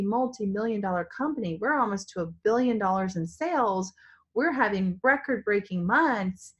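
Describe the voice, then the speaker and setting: A woman from Virginia with a hoarse, partly lost voice, giving a spontaneous, rambling pep talk to her sales team from a family home. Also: medium pitch. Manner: enthusiastic, rambling, full of restarts. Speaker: direct-sales team leader. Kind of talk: spontaneous motivational vlog.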